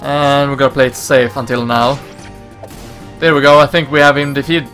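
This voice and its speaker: A man hosting a let's play, giving relaxed, casual commentary with mumbled asides. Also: mid-range voice, normal speed, soft background music.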